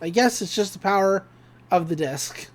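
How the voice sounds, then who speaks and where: Animated woman recapping an episode. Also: medium pitch, moderate pace. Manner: animated retelling with acted-out quotes and laughs. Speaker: podcast co-host. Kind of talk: casual episode recap chat.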